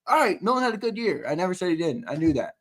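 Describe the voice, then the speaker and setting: A man's voice: high-pitched, very animated, very fast, fairly bright tone. A man hosting a sports show in casual livestream chat, brash and profane. He reads and answers the live chat, laughs often and repeats himself. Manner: brash and profane, with trash talk.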